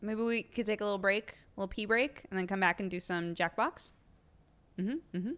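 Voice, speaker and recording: A woman's voice: mid-range voice, a little fast, a bit bright. A young woman hosting a livestream in casual chat. She says "like" constantly and breaks into laughter often. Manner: chatty, laughs often, heavy use of "like". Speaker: livestream host.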